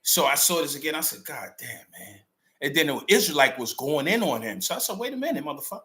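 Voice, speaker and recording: A man's voice: a little high, big pitch swings, brisk, pushed and bright. A middle-aged man with a New York accent giving an emphatic, unscripted commentary monologue full of street slang. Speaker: channel host.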